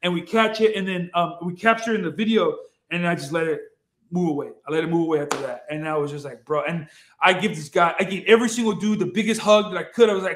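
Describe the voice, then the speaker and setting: Appearing on a podcast, this man with a high voice rattles off his story fast, rambling with excitement, cursing freely, and repeating himself. It's casual storytelling. A clearly echoey room colors the audio.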